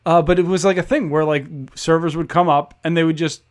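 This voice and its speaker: A man's voice: a little high, steady tone, fairly quick. A man hosting a podcast, asking his guest questions in a playful way and laughing often. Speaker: podcast host. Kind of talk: casual interview.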